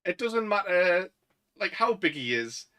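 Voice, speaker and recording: A man's voice: sits high, big pitch swings, a little slow, sharp tone, clean tone, poor audio. A young man with a Northern English accent, co-hosting a casual podcast chat and rambling with lots of fillers. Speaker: podcast co-host.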